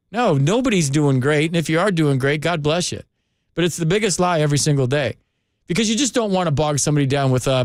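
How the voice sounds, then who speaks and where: A man's voice: fairly high pitch, expressive, brisk, no echo. A man hosting a late-night sports call-in radio show, talking in an earnest, rambling, heartfelt way from a studio microphone.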